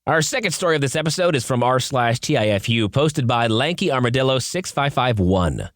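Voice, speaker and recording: A man's voice: mid-range voice, a little fast, no echo, studio quality. A man hosting a podcast, reading online stories aloud with sarcastic asides. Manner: sarcastic asides, expressive delivery. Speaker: podcast host.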